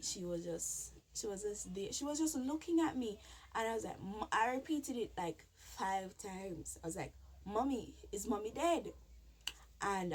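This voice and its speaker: Woman telling a painful story haltingly. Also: mid-range voice, slight background noise. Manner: halting and repetitive, emotional retelling. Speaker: vlogger. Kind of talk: personal storytime vlog.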